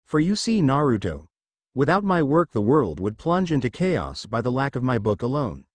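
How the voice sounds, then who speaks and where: A man's voice: mid-range voice, big pitch swings, moderate pace, no echo. A man voicing a lecherous old male sage mentor in a fan fiction audiobook, talking in a theatrical, blustering way. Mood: grandiose.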